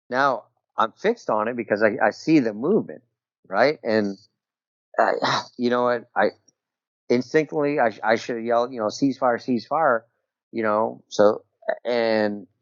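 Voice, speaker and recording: A middle-aged military veteran telling a personal story as a podcast guest, talking loosely and peppering it with "you know" and "right?". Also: male voice, lowish voice, no room sound. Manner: rambling, full of "you know" and "right?" tags. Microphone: remote call over Skype. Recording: dull, dry call audio.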